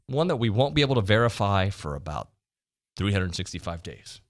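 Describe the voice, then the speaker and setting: A man's voice: lowish voice, very animated. A man hosting a sports talk show in a studio, in casual, teasing banter with his guests. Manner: jokey, upbeat, quick to tease. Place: radio studio.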